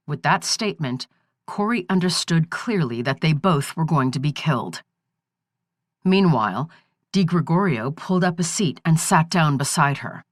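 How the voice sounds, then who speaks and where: A woman reading a thriller audiobook in a steady, measured narration. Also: sits low, no room sound, studio quality.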